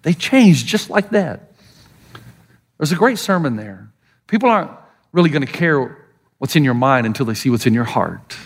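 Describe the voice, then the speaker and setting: A man's voice: medium pitch, moderate pace, pauses often, slightly rough. A middle-aged man with an American Southern accent preaching a sermon, telling stories and acting out the people he quotes. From Southern United States. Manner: animated storytelling, voicing quoted people. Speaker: pastor.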